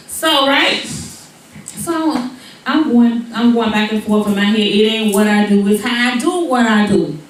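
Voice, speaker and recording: A woman in her forties doing stand-up storytelling, animated and rhythmic with repeated asides, in an echoey venue heard from far off. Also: high-pitched, measured pace. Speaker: stand-up comedian. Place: comedy venue.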